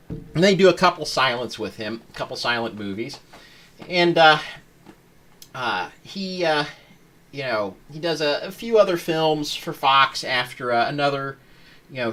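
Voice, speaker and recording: A man hosting a live-streamed podcast, talking casually in a halting, rambling way with lots of fillers. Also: medium pitch, a bit bright. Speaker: podcast host.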